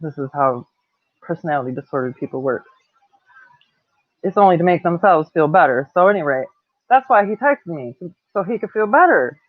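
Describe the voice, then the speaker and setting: A woman's voice: low-pitched, expressive, moderate pace, no echo. Woman, late 30s, candid profane storyteller; tinny, dry, lo-fi recording. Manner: blunt, heavy swearing, laughs between lines. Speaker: vlogger telling a personal story. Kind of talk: casual storytelling to camera. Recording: tinny dry phone-like sound.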